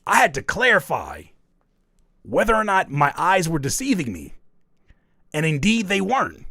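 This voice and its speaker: Animated man with a gravelly voice. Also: high-pitched, moderate pace, dry recording, studio quality. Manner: animated, teasing, mock-scolding. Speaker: livestream host reading chat. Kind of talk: casual livestream chat.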